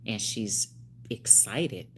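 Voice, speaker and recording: A woman in her fifties, a hairstylist speaking on a phone livestream, animated and preachy with frequent laughs. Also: very deep voice, extremely slow, slight background noise. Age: 50s. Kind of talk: casual livestream talk.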